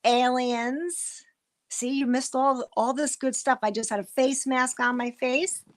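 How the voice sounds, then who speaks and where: With a high-pitched voice, a steady tone, and a slightly slow pace, a middle-aged woman runs a livestream. She rambles through casual chat with viewers, reading their comments and frequently restarting what she says.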